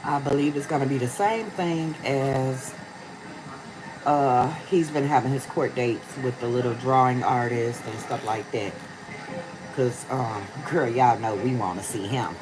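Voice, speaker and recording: A woman's voice: extremely low pitch, normal speed, background noise. A tired woman hosting a casual livestream outdoors on a rainy day, chatting with her viewers in slang. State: tired, yawning. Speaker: livestream host.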